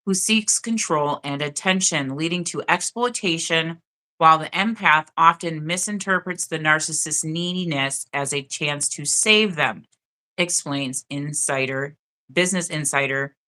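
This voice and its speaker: A woman's voice: sits low, sharp tone. A woman hosting a live stream, reading notes aloud in a chatty way and often checking in with "okay?". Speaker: host of a live spiritual stream.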